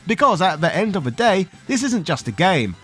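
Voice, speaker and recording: A man's voice: high voice, big pitch swings, moderate pace, fairly bright tone, breathy edge. A man narrating a scripted video game documentary in a playful, punchy way with wry asides.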